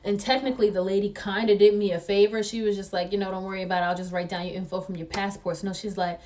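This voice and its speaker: Woman, young adult, excitable storytime, quotes people in voices, slightly distant mic. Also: medium pitch, fast talker. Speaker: vlogger telling a story. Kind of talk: animated storytime.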